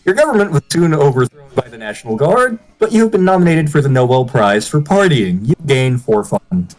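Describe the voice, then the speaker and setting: A streamer reading game text aloud to friends, giggly and animated. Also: mid-range voice, a little fast, soft background music. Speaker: game narrator.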